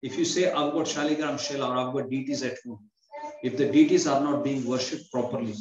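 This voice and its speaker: Temple speaker, acts out the dialogue, roomy echo, slightly dull sound. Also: male voice, mid-range voice, steady tone, a little fast, a little mellow. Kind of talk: storytelling scripture class.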